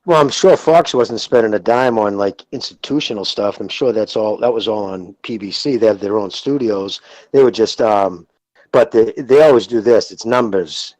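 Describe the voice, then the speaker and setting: A man's voice: on the low side, normal speed, darkish tone, no room sound, poor audio. A man with a Boston accent calling in to a podcast, talking bluntly and with profanity in casual chat. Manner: blunt, profane, gossipy insider talk. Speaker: caller.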